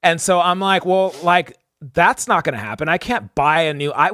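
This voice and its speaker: A man's voice: a little high, normal speed, sharp tone, no room sound, clean studio sound. A young man co-hosting a podcast, telling a story casually and animatedly, acting out the people he quotes, with lots of "like" and "dude". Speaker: podcast co-host.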